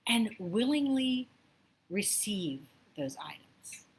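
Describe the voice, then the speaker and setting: A woman abundance coach giving a motivational spiritual talk, chatty and animated, telling stories with asides. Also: mid-range voice, slow pace.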